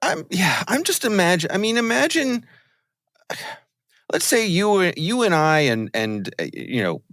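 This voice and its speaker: Male co-host, expressive, dry close sound. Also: high-pitched, unhurried, dry recording. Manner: animated, exclaiming, laughs often. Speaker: podcast co-host. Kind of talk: casual chat.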